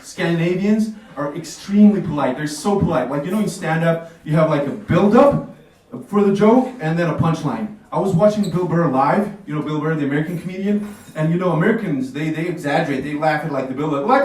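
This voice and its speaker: A man's voice: on the high side, expressive, fairly quick, a little mellow. A man from Bosnia performs stand-up comedy in a small café. He talks casually and keeps laughing at his own jokes. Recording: echoey café from far off.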